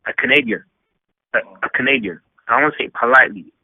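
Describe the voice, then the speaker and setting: A man's voice: mid-range voice, quick pace, no room sound. A man from England, ranting animatedly and emphatically in a casual phone discussion. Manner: animated, emphatic, rambling rant. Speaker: panel guest. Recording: tinny phone line.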